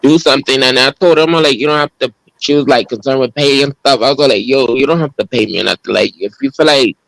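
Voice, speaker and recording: Male guest, mid-pitched and gravelly, laid-back rambling talker. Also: quick pace, dry recording, poor audio. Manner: relaxed, rambling, many fillers. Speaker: guest, host's cousin. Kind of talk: casual conversation.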